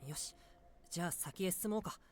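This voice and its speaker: Woman doing a whispery rookie detective, low-ish and super fast. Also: darkish tone, natural voice. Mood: hushed. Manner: whispered, urgent. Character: hushed novice detective leading the group.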